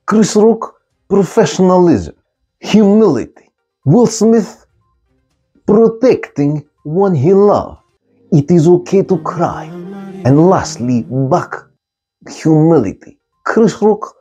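High husky man in broken English. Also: mellow. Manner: simple broken-English grammar, repeats key words. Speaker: comic commentator. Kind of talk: comic monologue in broken English.

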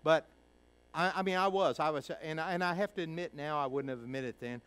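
Middle-aged guy preaching, folksy storyteller, does the voices, gets quiet then loud. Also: on the high side, fairly quick, clear, resonant tone, poor audio. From Kentucky. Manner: folksy, acts out quoted voices, swings from hushed to loud. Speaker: pastor. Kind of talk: sermon storytelling.

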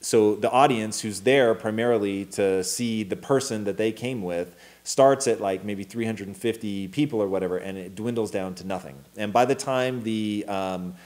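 A man in his thirties co-hosting a casual talk show, telling a story with animated energy, acting out quotes and swearing freely. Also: lowish voice, normal speed, hardly any pauses. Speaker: co-host.

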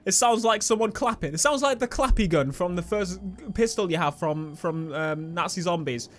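A young man giving excitable, swearing let's play commentary over a video game. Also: high-pitched, moderate pace. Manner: excitable, swearing, laughing at his own jokes. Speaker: gaming YouTuber. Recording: game gunfire and sounds behind.

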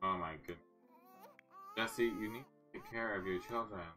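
A woman's voice: rumbling low, fairly even intonation, normal speed, over music. A woman giving casual let's-play commentary, chatty and cooing at the game characters. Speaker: gaming channel host.

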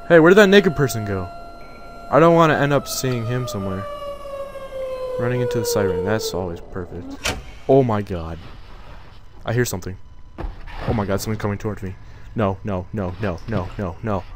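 A man's voice: fairly low pitch, huge pitch swings, fairly quick, long pauses, background noise. A young man giving jokey, swearing commentary while playing a horror game and talking back to its figures. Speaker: gaming YouTuber.

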